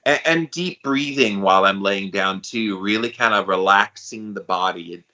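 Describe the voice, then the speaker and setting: A man co-hosting a podcast, talking in a relaxed, candid, slangy way in casual chat. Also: on the low side, normal speed, highs cut off. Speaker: podcast co-host.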